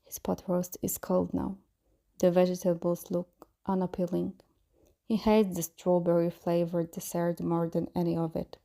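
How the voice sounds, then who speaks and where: Low, gravelly woman reading a story. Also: monotone, normal speed, warm tone. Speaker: fan-fiction reader.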